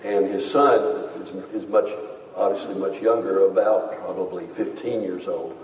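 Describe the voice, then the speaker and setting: A man preaching a sermon, teaching in a measured and earnest way. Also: sits low, steady tone, a little mellow, slight background noise. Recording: echoey hall, voice from far off.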